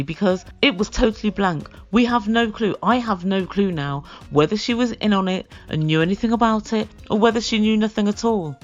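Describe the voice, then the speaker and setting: A woman hosting a comedic reality TV review, sarcastic and given to acting out the quotes. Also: medium pitch. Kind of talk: comedic recap commentary. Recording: dull lo-fi recording with faint music.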